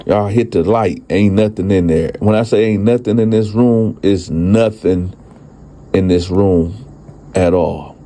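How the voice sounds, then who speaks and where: A man telling his own story in a casual, profane, animated way, speaking straight to his listeners. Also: lowish voice, a little slow.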